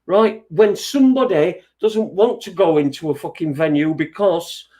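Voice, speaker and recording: A man's voice: a little high, normal speed, warm tone. A man hosting an internet radio show, ranting in a sweary, agitated, rambling way with many restarts. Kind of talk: ranting monologue.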